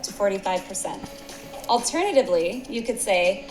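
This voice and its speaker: A woman with a slightly high voice narrates a corporate sales training video in a polished, upbeat, instructional tone. The recording is roomy and echoey, with faint music underneath. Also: animated, moderate pace, darkish tone.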